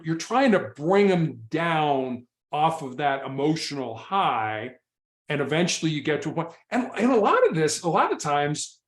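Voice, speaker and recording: Man, ex-SWAT negotiator, storytelling, repeats and restarts words, slightly high voice, roomy echo. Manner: frequent repetitions and restarts. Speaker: former SWAT hostage negotiator. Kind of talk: conversational interview storytelling. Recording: echoey room.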